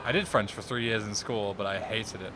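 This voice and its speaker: A young man with a low voice, chatting with his live-stream audience in a laid-back, wry way. Video game sounds run faintly underneath him. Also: brisk. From England. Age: young adult. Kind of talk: casual live-stream chat, reading and answering viewers. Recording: game noise in the background.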